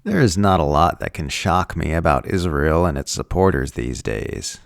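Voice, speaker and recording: A man's voice: very deep voice, big pitch swings, moderate pace, creaky, clean tone, no echo, clean studio sound. A man reading scripted political commentary in a sardonic tone, mocking the people he quotes.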